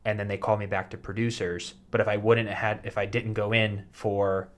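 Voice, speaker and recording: A man's voice: lowish voice, little pitch movement, brisk. A man in his thirties, co-hosting a casual podcast chat, rambling with many restarts and fillers. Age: 30s. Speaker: podcast co-host and soap actor.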